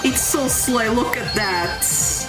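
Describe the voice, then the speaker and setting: A woman's voice: a little high, takes it slowly, roomy sound. A woman streaming live, reacting to a game with gushing slang and talking back to the screen. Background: game music.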